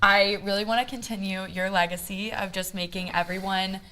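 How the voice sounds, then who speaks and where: A woman's voice: medium pitch, little pitch movement, normal speed, bright, forceful tone. A young woman with an American accent, co-hosting a student TV talk show in a casual, giggly chat. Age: young adult.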